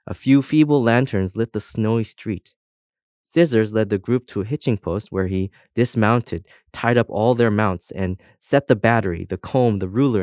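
A man narrating a children's storybook in a steady, scripted reading. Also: lowish voice, no room sound, studio quality. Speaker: audiobook narrator.

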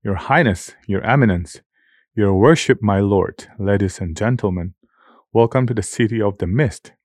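A man's voice: lowish voice, moderate pace, no room sound, studio quality, natural voice. A man voicing fawning city officials who welcome guests with exaggerated courtesy in a storybook reading. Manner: fawning, announcing. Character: obsequious male city officials greeting guests.

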